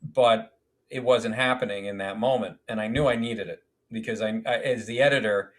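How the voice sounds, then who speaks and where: A man's voice: fairly low pitch, fairly even intonation, moderate pace. A man, a filmmaker guest on a podcast, telling stories animatedly, acting out quotes and swearing casually. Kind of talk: podcast storytelling.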